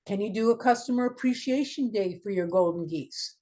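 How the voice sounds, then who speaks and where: Woman consultant doing a webinar talk, direct and punchy, lots of questions to the audience, medium pitch. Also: fairly quick, warm tone. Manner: direct, emphatic, full of rhetorical questions. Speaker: marketing consultant, guest speaker. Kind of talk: webinar presentation.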